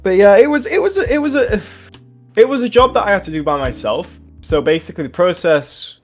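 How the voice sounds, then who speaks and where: A man's voice: sits high, animated, a little fast, a little mellow, soft background music. A young man from England, co-hosting a podcast and telling casual anecdotes, swearing and laughing often. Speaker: podcast co-host. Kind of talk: casual storytelling chat.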